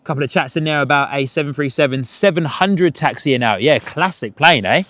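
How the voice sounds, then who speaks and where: A man's voice: a little high, a little fast, a bit bright. A man hosting a casual live stream outdoors at an airport, chatting, laughing often and reading out chat messages.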